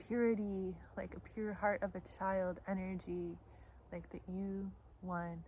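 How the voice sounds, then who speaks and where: A woman's voice: mid-range voice, darkish tone, a little hiss or hum. A woman from Idaho giving a casual tarot reading and telling a childhood story, laughing often. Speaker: tarot reader. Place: outdoors in the woods. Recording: faint outdoor ambience.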